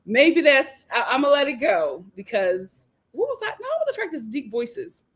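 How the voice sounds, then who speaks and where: Animated woman hosting a live chat show. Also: high-pitched, moderate pace, slightly rough. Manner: animated, laughs often, lots of restarts. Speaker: host of a reality TV review livestream. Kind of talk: casual live chat, reading viewer comments aloud.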